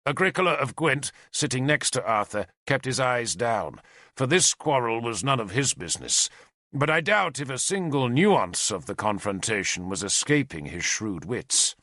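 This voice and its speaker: A man's voice: mid-range voice, big pitch swings, normal speed, bright, forceful tone, no echo, studio quality. A man narrating an audiobook expressively, voicing every character. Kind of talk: scripted narration.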